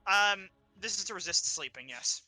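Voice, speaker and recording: A man's voice: sits high, lively intonation, normal speed, sharp tone, dry recording, soft background music. A man narrating as game master of a tabletop game, loose and laughing between scenes.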